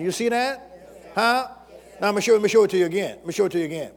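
A man's voice: sits high, animated, fast talker, vocal fry, in a large hall. A man preaching a sermon as pastor, repeating phrases and calling out questions to the congregation.

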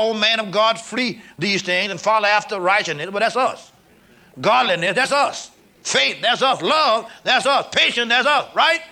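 A man preaching a sermon to a congregation, reading scripture and leading call-and-response, building up to shouts. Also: sits high. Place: church service with a congregation.

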